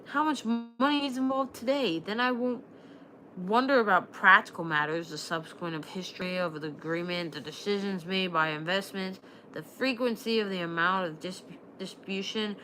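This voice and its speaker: A woman reading aloud from a novel, voicing a thoughtful, earnest man who talks in a halting, reflective way. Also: medium pitch, pushed and bright, slight background noise, close to an everyday voice, rough recording.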